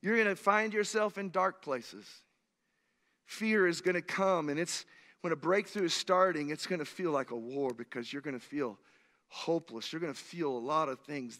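Earnest preaching man, higher voice. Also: a bit bright, big-room sound. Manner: earnest storytelling, rising to fervent appeals. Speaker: pastor. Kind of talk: sermon. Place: church sanctuary.

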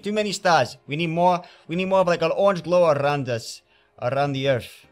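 A man's voice: a little high, animated, fairly quick. A man giving theatrical let's play commentary, talking to himself as he paints in a game, with faint game music behind him. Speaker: gamer playing a painting game.

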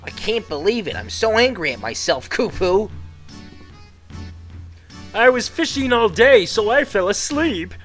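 A man's voice: very animated, unhurried, long pauses, fairly bright tone, faint music behind, exaggerated voice. A man voicing a small fretful moogle creature from a video game who tacks a little "kupo" onto his lines. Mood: upset. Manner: ends lines with a squeaky "kupu".

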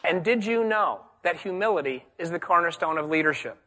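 A man's voice: a little high, lively intonation, fairly quick, pushed and bright, slight background noise. A man giving a motivational keynote to a live audience, telling stories with theatrical energy and asking the audience questions. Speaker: keynote speaker. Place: large room before a live audience.

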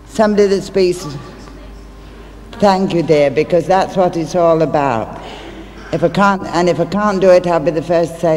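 A woman's voice: fairly low pitch, normal speed, a little mellow. A woman speaking as a stage medium, telling homely stories to a live audience with chatty asides. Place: large theatre hall. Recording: reverberant live hall, faint ambience.

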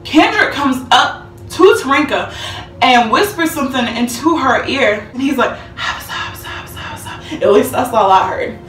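A young woman with a high, very lively voice tells a storytime, bright and sharp, leaping between tones as she acts out every moment. She sounds a little off-mic in an echoey room, with faint music underneath. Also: moderate pace, distant mic. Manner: animated, dramatic retelling with acted-out quotes and laughter. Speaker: vlogger. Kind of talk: storytime vlog.

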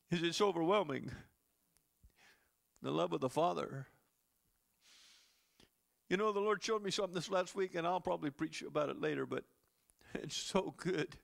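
Gravelly-voiced pastor preaching casually. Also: male voice, sits high, a bit bright. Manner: conversational preaching, frequent chuckles and asides to the congregation. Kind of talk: sermon.

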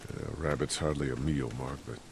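An actor playing a weary grown man who leads a band of survivors in a game, speaking calmly. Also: rumbling low, fairly quick, vocal fry, a little hiss or hum.

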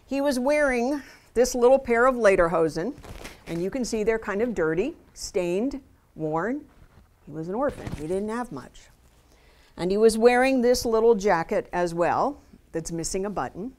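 A woman's voice: mid-range voice, darkish tone. A woman speaking at a school visit, telling a true story to students in an earnest, vivid way and addressing them directly. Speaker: Holocaust education speaker. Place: school assembly room.

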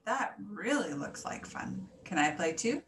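A woman's voice: medium pitch, very animated, a little slow, a bit bright, slight background noise. A woman voicing a young male caterpillar who is lonely and later proud, with lilting, childlike questions, in an echoey room. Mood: wistful.

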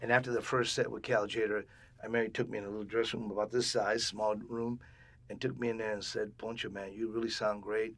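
An older man telling stories in a casual interview, animated and acting out the voices of people he quotes. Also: lowish voice, fast talker, creaky. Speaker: interviewee, bandleader.

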